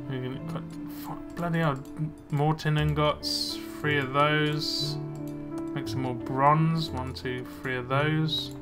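A young man casually commenting on his gameplay, muttering to himself as he plays. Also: fairly high pitch. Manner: chatty, muttering to himself while playing. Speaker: let's play gamer.

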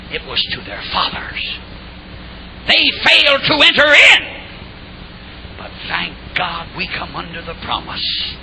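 An older man preaching a revival sermon, shouting and calling on the crowd to answer back. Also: sits high, background noise. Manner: shouting, call-and-response exhortation.

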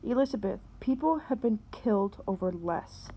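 A woman reading aloud, voicing a stern middle-aged woman who scolds loudly and formally. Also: medium pitch, lively intonation, normal speed, husky, poor audio. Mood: scolding.

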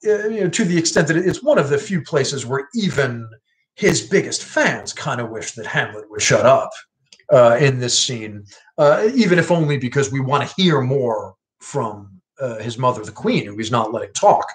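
Man, casual explainer, halting, wry, filler-heavy. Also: medium pitch, expressive. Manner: halting, full of "uh" and restarts, wry. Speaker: literature explainer.

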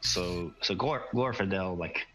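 A man's voice: low-pitched, measured pace, a bit bright, soft background music, low-quality recording. A man narrating as game master, with loose, casual narration and frequent hedges.

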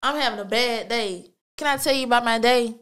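A woman hosting her own show talks a little fast in a high-leaning, smooth voice that's a bit bright. It's a casual storytelling monologue, laid-back and slangy, with plenty of cursing and fillers such as "like" and "you feel me."

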